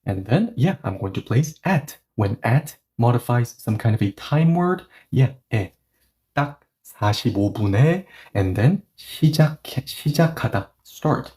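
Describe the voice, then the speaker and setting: A man's voice: sing-song, warm tone. Korean-native man teaching, thinking aloud. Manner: explains step by step, thinks aloud with lots of "okay, so" and rhetorical questions; says the Korean example phrases slowly and lower, repeating them several times. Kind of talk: casual video lesson.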